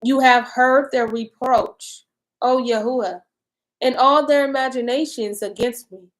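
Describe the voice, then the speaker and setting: A woman with a fairly high voice reads scripture aloud at a slow, careful pace. Between verses she drops into loose, lively chat about what she has read. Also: poor audio. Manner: reads verses slowly, then chats in animated bursts. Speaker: co-host reading and discussing scripture. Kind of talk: scripture reading and casual discussion.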